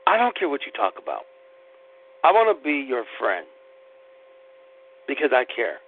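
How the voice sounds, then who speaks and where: A man's voice: medium pitch, huge pitch swings, moderate pace, slightly rough. A man hosting a podcast, delivering a blunt, preachy, impassioned monologue and swearing casually. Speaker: podcast host. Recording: tinny phone-line sound with mains hum.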